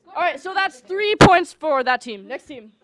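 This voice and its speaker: A young woman hosting a party game, excited and urging contestants on. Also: high-pitched, moderate pace, dry recording. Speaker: game host.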